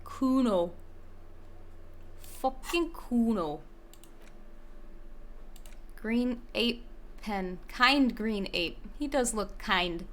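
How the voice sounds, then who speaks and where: A woman's voice: fairly high pitch, extremely slow, long pauses, slight background noise. A young woman streamer giving rambling, swearing commentary while playing a game. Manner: swearing, rambling, self-interrupting. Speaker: let's-play streamer.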